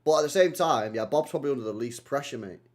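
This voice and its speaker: Lively young man streaming live. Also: medium pitch, quick pace. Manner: animated, teasing, often laughing at chat. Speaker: streamer hosting a football watchalong. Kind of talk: live watchalong commentary and chat reading.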